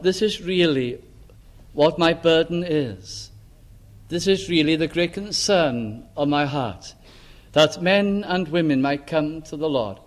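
Older man from wales, preacher, earnest pleading sermon, hushed on solemn words, slightly high voice. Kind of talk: sermon testimony.

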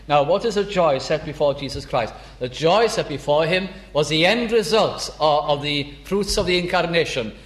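Earnest preacher, lively rising voice. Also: male voice, a little high, echoey room. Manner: earnest, emphatic, lifts his voice to stress words. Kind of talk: sermon.

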